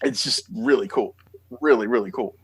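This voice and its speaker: A man with an American accent hosting a podcast, telling stories in an excitable, animated way. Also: mid-range voice, moderate pace, husky. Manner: excitable, animated storytelling with laughs. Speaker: podcast host. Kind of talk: enthusiastic interview chat.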